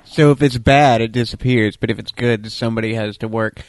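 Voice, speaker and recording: A man's voice: mid-range voice, fairly even intonation, a little fast, dry recording, clean studio sound. A man in casual chat, sarcastic and profane, riffing on a film he is watching.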